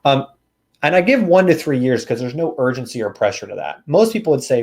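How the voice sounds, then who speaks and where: A man's voice: medium pitch, lively intonation, a little fast, vocal fry, a little mellow. A man teaching real estate agents in a training seminar, casual and folksy, acting out door-knocking scripts.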